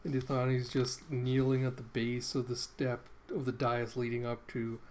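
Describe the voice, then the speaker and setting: A man's voice: medium pitch, level tone, moderate pace, a little mellow, a little hiss or hum. A man hosting a comic readthrough, retelling the story in a loose, filler-laden way. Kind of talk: casual comic recap.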